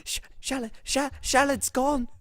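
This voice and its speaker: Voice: high voice, steady tone, fairly bright tone, no echo, pitched above the performer's own voice. A podcaster voicing a frightened old British grandmother who gasps and stammers through her story. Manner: breathless, halting storytelling with gasps.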